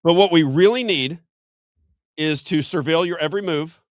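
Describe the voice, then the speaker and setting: A man's voice: on the high side, normal speed, no echo, studio quality, pitched above the performer's own voice, lightly acted. A man putting on a pushy salesman governor. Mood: salesy. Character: smooth-talking male governor selling surveillance.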